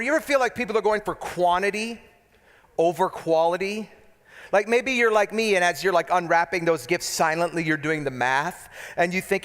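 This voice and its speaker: A man's voice: high-pitched, fairly bright tone. A man preaching a humorous sermon as pastor, telling stories with jokes and asides to the crowd. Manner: joking, storytelling, talks to the crowd with asides. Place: church hall. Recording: long church hall echo.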